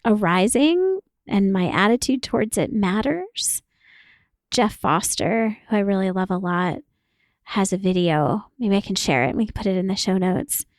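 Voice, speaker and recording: A woman therapist talking casually as a podcast guest, animated, acting out quoted voices and laughing often. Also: medium pitch, moderate pace, dry recording.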